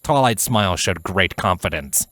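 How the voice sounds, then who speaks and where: A man with a very low voice narrates a fan fiction audiobook. His delivery is measured and even, like a steady storyteller. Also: dry recording.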